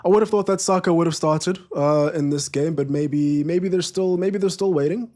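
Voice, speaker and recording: A man in a slightly higher register than most, talking loosely to his viewers as he hosts a live football watchalong. He rambles, restarts his sentences and pokes fun at himself in a relaxed stream-chat way. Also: moderate pace. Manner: rambling, self-deprecating, frequent restarts and fillers.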